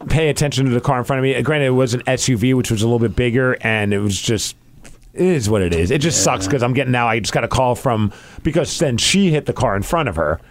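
A man co-hosting a podcast in casual chat, telling a story with lively acted-out quotes. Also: mid-range voice, quick pace. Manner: animated storytelling, acts out quotes. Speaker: podcast co-host.

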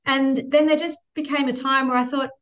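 A woman's voice: sits high, fairly even intonation, brisk, fairly bright tone, slight background noise. A woman co-hosting a podcast, sharing a personal story in a reflective, conversational way. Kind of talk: casual chat, personal story.

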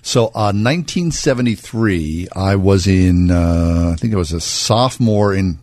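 A man in his sixties co-hosting a radio show, with a somewhat low voice. He tells self-deprecating stories and jokes casually, and the studio sound is close and dry. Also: lively intonation, unhurried, a little mellow, dry recording. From Pittsburgh. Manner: jovial, self-deprecating storyteller.

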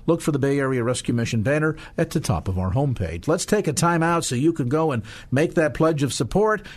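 A man hosting a radio fundraising appeal, talking fast and slowing down to repeat phone numbers. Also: fairly high pitch.

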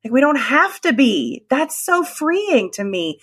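A woman's voice: sits high, big pitch swings, measured pace, a bit bright, husky. A middle-aged woman hosting a faith-based podcast, talking in an emphatic, affirming way. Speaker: podcast host.

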